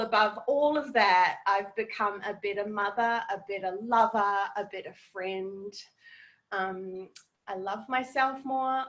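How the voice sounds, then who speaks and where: A woman's voice: fairly high pitch, a bit bright, rough recording. A woman from New Zealand with a New Zealand accent, giving a heartfelt, gushing testimonial on a group video call and swearing casually. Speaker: network marketing team leader.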